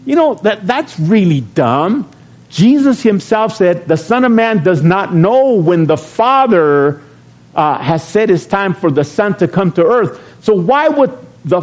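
Man, pastor, sermon, folksy, joking, somewhat high voice, unhurried delivery. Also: sing-song. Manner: folksy, joking, preacherly shouts.

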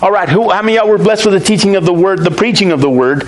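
This pastor's voice sits high, and he delivers his sermon very fast and with animation, quizzing his congregation as he goes. He performs the Bible characters' words while reading them aloud, on a low-quality recording.

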